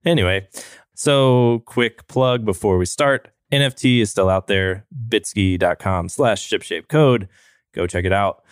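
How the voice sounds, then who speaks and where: A man hosting a casual podcast, talking in a relaxed, rambling way and laughing often. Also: fairly low pitch, a little slow, clear, resonant tone, no echo, clean studio sound. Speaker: podcast host. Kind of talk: casual chat.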